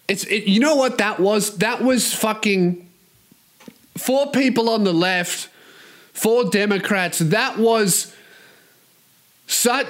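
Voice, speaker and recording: A man's voice: high voice, a bit bright. A man hosting a solo podcast, ranting in a profane, mocking and rambling way. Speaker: podcast host.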